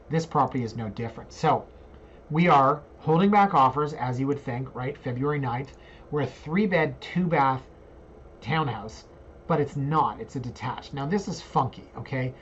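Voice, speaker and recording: A man in his forties, a realtor, talking casually over a screen share, joking, and breaking into squeaky asides. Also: moderate pace, dull audio, slight background noise. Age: 40s.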